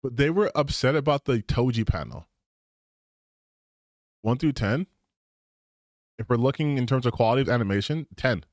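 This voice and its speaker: A male streamer in a loose, rambling rant, swearing freely and jumping into excited spikes. His voice sits at an ordinary middle pitch, and the sound is close and dry. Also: normal speed, long pauses, dry recording. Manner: animated and profane, with bursts of excitement.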